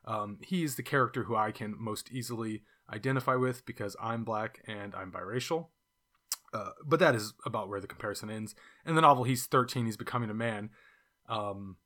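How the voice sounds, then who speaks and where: A man with a Californian accent shares his thoughts on a novel in a casual, unscripted way. His voice is bright and forward, and he talks in an easy, reflective manner with the odd filler and restart. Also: fairly low pitch. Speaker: book reviewer. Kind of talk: casual book discussion.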